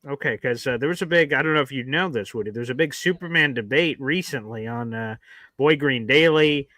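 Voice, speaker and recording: A man co-hosting a casual sports talk show, telling stories with animated acted-out reactions. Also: mid-range voice, a little fast, no room sound. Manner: animated storyteller, acts out his own reactions. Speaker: podcast co-host.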